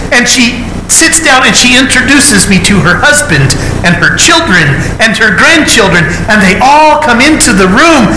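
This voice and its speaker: High-voiced pastor in an echoey hall. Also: male voice. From United States. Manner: animated, acts out dialogue, frequent restarts. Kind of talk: storytelling sermon. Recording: roomy hall with background noise.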